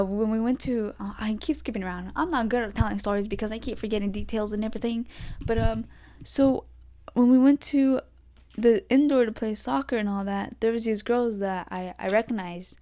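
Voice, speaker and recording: A woman's voice: medium pitch, normal speed, mellow. Rambling young woman podcast host. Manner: rambling storytelling, many fillers. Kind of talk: solo casual rant. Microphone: desk podcast mic.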